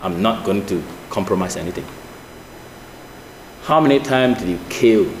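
A male pastor, preaching with animated swings from high emphatic peaks to low asides, asking the congregation rhetorical questions. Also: moderate pace, slight background noise. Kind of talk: sermon. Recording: echoey church room with faint ambience.

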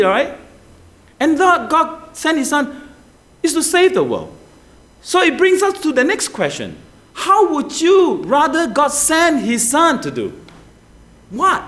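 A man preaching a sermon, constantly asking his congregation questions and urging online viewers to comment. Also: extremely high pitch. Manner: animated, asks the congregation many questions.

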